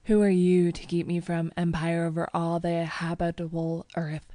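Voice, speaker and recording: A woman's voice: lowish voice, level tone, unhurried, darkish tone, dry recording, natural voice. A woman reading a raving man who would be king. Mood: ranting. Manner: fierce, commanding declarations. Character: deranged young man claiming a crown.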